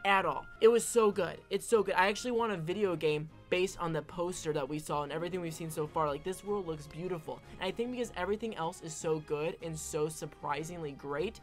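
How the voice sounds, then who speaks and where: A woman's voice: low-pitched, brisk, few pauses, faint music behind. A woman giving casual opinion commentary as an online film commentator, emphatic and often tagging her points with "all right?".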